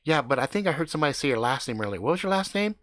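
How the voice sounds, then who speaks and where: A man's voice: a little high, very animated, very fast, a bit bright, dry recording, clean studio sound, voice pushed up. A man doing an eager nerdy teen boy.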